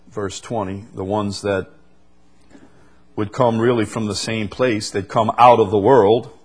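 A man's voice: fairly low pitch, breathy edge. A man preaching a sermon, quoting scripture with emphatic rises and stammering repeats.

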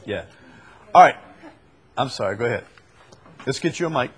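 A man's voice: medium pitch, expressive, normal speed, slightly rough. A man hosting a preaching talk show, emphatic and repeating his key points. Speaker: host.

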